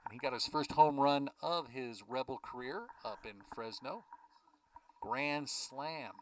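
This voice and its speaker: A man calling a baseball game play by play from a ballpark press box, chatting easily between pitches. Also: unhurried, distant mic, noisy background. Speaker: play-by-play announcer.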